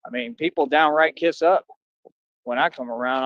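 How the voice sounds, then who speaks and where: A man's voice: on the high side, normal speed, no echo, lo-fi sound. A man livestreaming, talking to his viewers in a boastful, confrontational rambling monologue with slangy street talk.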